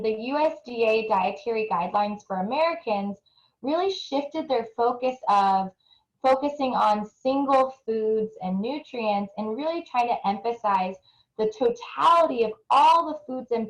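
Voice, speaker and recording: A woman's voice: on the high side, reverberant, lo-fi sound. A young adult woman giving an earnest, explanatory research presentation, often restarting her phrases. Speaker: nutrition researcher presenting a webinar. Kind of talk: presentation talk with audience poll.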